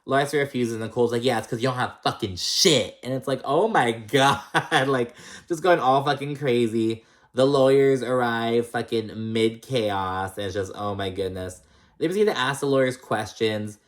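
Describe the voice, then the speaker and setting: A man's voice: medium pitch, moderate pace. A man recapping reality TV in casual chat, blunt and sassy, swearing a lot and calling people "girl".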